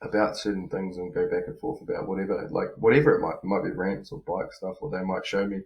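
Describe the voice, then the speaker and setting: A man's voice: deep voice, steady tone, fast, vocal fry, hardly any pauses, a little mellow. A man, a motocross rider chatting casually as a podcast guest, rambling with lots of fillers. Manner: laid-back, rambling, many fillers. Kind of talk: casual chat. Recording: roomy echo.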